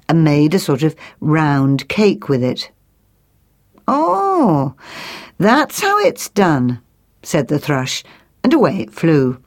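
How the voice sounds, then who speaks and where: A woman reading a children's folk tale aloud as storyteller, slow and expressive. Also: deep voice.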